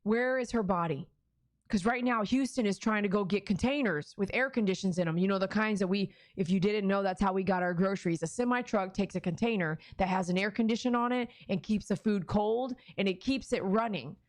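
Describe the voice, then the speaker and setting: A woman's voice: medium pitch, fairly quick, no echo, clean studio sound. A woman talking frankly on a live stream, reading viewers' comments aloud and answering them in a blunt, earnest and emotional way. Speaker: dog trainer streamer.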